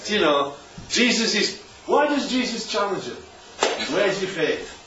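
A man's voice: sits high, sing-song, a little slow, noisy background. A man leading an interactive sermon as a preacher, checking in with his listeners after nearly every point. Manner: constantly checks in with "right?". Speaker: preacher leading a Bible study. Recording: echoey room, distant dull mic.

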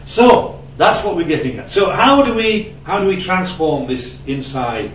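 A man preaching in a relaxed, chatty way, checking in with his listeners and telling little stories. His voice sits a bit high and carries through a roomy hall. The recording is distant and dull, with faint ambience behind it. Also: unhurried, a little hiss or hum. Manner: conversational, asks the audience questions and tells anecdotes. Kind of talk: sermon.

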